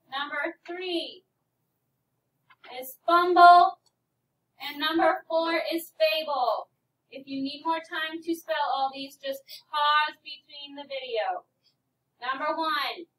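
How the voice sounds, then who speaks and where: A woman's voice: high-pitched, takes it slowly, fairly bright tone, distant mic. A woman teacher leading a phonics lesson for young children, asking questions patiently and calling on pupils. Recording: echoey classroom, voice from off-mic, faint noise.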